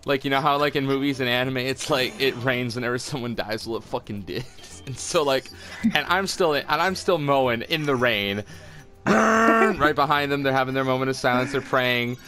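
A man's voice: mid-range voice, animated, normal speed, over music. A young man telling a rambling, sweary story in casual chat, laughing often between filler-heavy lines. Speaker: podcast co-host telling a story.

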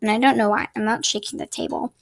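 Rambly woman talking game tips into her laptop mic, kinda high voice, keeps saying sorry. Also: fairly even intonation, fast talker, gravelly, faint music behind. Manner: rambling, chatty, apologetic asides. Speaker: gaming channel host. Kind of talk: casual gameplay tutorial commentary. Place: home desk with ring light. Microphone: laptop built-in mic.

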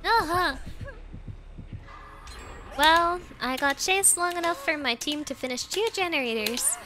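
A woman's voice: extremely high pitch, lively intonation, measured pace, sharp tone, soft background music. A woman streamer giving playful live gameplay commentary with dramatic pleading and exclamations.

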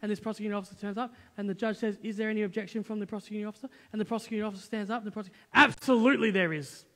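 A male pastor preaching a sermon, telling a personal story in a lively, conversational way with quoted dialogue. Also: high-pitched, very fast. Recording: long church hall reverb.

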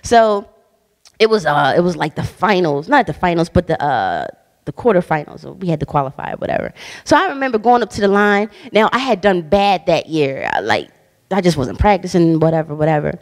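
A woman's voice: lowish voice, sing-song, fairly quick. Bold, slangy woman preaching in a reverberant hall. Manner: bold, emphatic, slangy, laughs often. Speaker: guest minister. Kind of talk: casual conversational sermon. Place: church hall. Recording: long church hall reverb.

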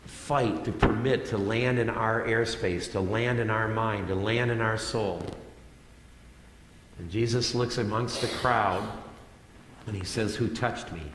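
A man's voice: on the low side, slight background noise. Man preaching in an echoey sanctuary. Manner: conversational, repeats phrases for emphasis. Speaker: pastor. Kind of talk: sermon. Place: church sanctuary. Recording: echoey hall with long reverb.

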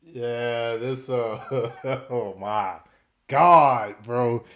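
Male reaction host: slangy, exclaiming, slow-paced, voice rising and falling a lot. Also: medium pitch, expressive. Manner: slangy, exclaiming, laughing often. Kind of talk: casual reaction commentary.

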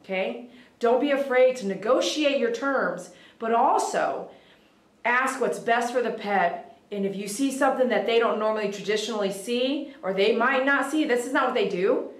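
A woman dog groomer hosting a casual livestream, reading viewer comments aloud with upbeat shout-outs and sudden whoops, in a grooming salon. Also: fairly high pitch, normal speed. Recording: echoey room.

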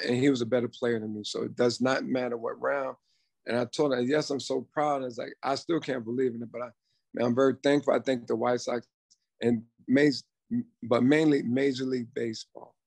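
A man in his fifties with a gravelly, rough-edged voice tells his stories in a relaxed podcast conversation, slipping into the voices of the people he quotes. The sound is dry and close, with no room around it. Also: medium pitch, no echo. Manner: storytelling, quotes himself and others in dialogue. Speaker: guest, former ballplayer and coach. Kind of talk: casual podcast chat.

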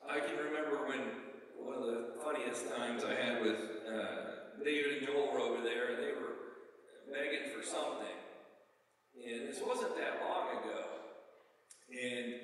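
A middle-aged man giving a eulogy for his father in a church, telling family stories in a plain, halting way with many "and, uh" pauses. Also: medium pitch, fairly bright tone. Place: church sanctuary. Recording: echoey church hall, voice from far off.

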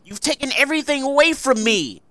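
A man voicing an anguished young woman who has been betrayed by her guardian, her lines coming out in shrill, pleading outbursts. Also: animated, brisk, pushed and bright, dry recording, heavily acted.

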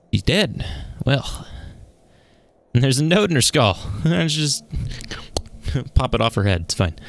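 A man's voice: medium pitch, vocal fry. A man giving jumpy, profane commentary while playing a horror game, talking to himself as he goes. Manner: jumpy, swearing, talks to himself. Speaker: gaming YouTuber.

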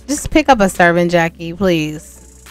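A woman's voice: on the low side, expressive, a little slow, soft background music. A young woman giving casual, chatty gameplay commentary, talking straight to her viewers with exasperated asides. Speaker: gameplay vlogger.

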